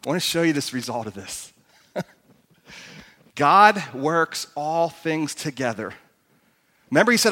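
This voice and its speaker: Man preaching a sermon, pastor, emphatic and animated, high bright voice, echoey church hall. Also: moderate pace, pauses often.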